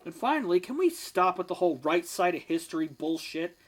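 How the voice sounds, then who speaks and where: Reaction host, sarcastic, profane, mock-angry, average pitch. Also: sing-song, fairly quick. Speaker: commentary video host. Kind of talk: reaction commentary.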